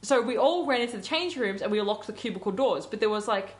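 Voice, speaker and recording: A woman's voice: mid-range voice, animated, fast. A woman co-hosting a community radio show, telling stories casually with lots of ums and likes. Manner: chatty storyteller, recounting dreams with many ums and likes.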